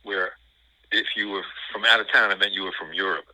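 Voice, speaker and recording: An older man with a New York accent, talking in an interview in a rambling, halting way with many fillers and restarts. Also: sits low, fairly even intonation, sharp tone, no room sound, poor audio. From New York City. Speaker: guest. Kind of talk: conversational interview.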